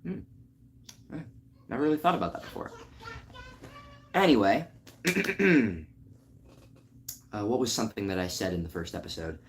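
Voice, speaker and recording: A man's voice: lowish voice, animated, moderate pace, long pauses, a little hiss or hum. A man, a voice actor streaming live from home, chatting casually with his viewers. He jokes and stammers while reading chat aloud.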